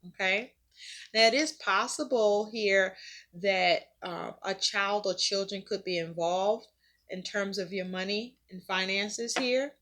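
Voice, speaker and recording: Woman doing a chill tarot reading, rambly, lots of ums, swears casually, middle pitch. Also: steady tone, slow pace, fairly bright tone. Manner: conversational, repeats herself, frequent fillers, casual swearing. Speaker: tarot reader.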